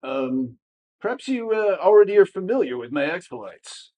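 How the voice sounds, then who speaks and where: A man's voice: high-pitched, sing-song, normal speed, darkish tone, voice pushed up. A man voicing a smarmy, swaggering male adventurer who brags about himself in a raised voice for a tabletop game. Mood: smug. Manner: boastful, self-important.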